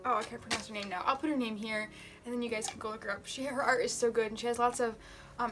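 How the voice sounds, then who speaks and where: A young woman vlogging as she unboxes gifts, chatty and gushing with excitement. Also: on the high side. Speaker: book vlogger. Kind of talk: casual unboxing vlog.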